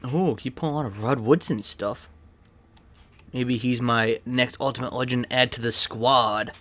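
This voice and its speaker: A young man chatting casually while opening card packs in a video game, excitable and swearing freely, with a cough and an irritated throat. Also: medium pitch, unhurried. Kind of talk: casual pack-opening commentary. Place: his bedroom.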